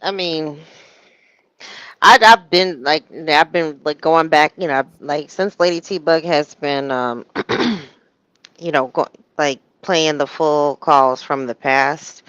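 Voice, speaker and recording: A woman's voice: deep voice, takes it slowly, a bit bright, no echo, highs cut off. A woman co-hosting a casual commentary show, rambling with lots of hesitant starts. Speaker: co-host.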